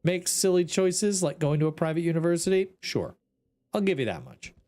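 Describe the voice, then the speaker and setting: A man's voice: a little high, big pitch swings, moderate pace, dark tone. A man streaming a ghost-hunting game, talking to his chat in an exasperated, joking way. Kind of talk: casual gameplay commentary.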